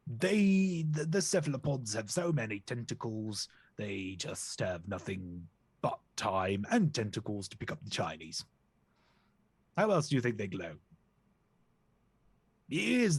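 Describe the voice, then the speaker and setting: A man's voice: medium pitch, very animated, unhurried, breathy edge, no echo, heavily acted. A man voicing a scheming male crocodile who rambles in a put-on posh voice that drifts toward a pirate growl. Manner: rambling, trails off and restarts.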